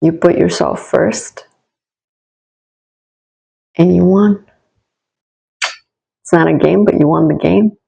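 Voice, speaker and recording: A woman's voice: fairly low pitch, takes it slowly, creaky, pauses often, poor audio. A woman giving a casual tarot reading straight to the viewer, encouraging and reassuring, rambling with restarts as she turns each card. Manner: warm, encouraging, talks straight to the listener; rambling with frequent restarts and asides. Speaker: tarot reader.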